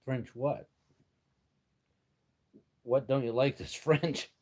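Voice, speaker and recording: A man's voice: mid-range voice, steady tone, drawn-out words, a little mellow. An older American man hosting a casual live stream from his workshop, chatting with viewers in a folksy way and chuckling as he answers their messages. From United States. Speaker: livestream host.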